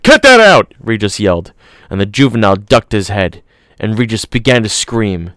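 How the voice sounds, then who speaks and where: Studio-quality audio with no room sound carries a man's lowish voice as he narrates an audiobook with steady, measured delivery.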